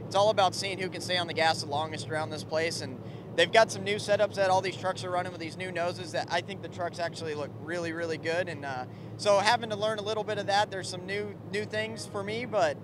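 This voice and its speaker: Quick high-voiced young driver. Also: male voice, fairly even intonation. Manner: easygoing, lots of "uh" and "you know". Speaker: race driver. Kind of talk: casual interview answers. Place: outdoor race garage. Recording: noisy garage ambience.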